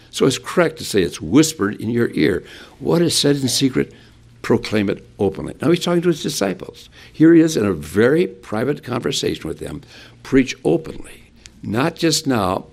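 A man's voice: mid-range voice, creaky, darkish tone. A man preaching an expository sermon, asking his listeners rhetorical questions as he works through a Bible passage.

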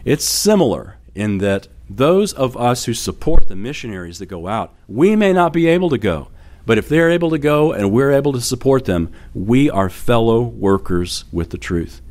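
A man's voice: medium pitch, sing-song, normal speed, a little mellow. A middle-aged man preaching a sermon as pastor, telling stories in a conversational way with fillers and light laughter.

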